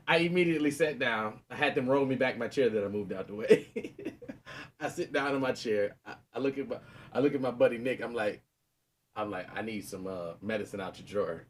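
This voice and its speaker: A man's voice: medium pitch, moderate pace. A man in his thirties, a podcast co-host, telling a story in casual chat and laughing often, with a sore knee.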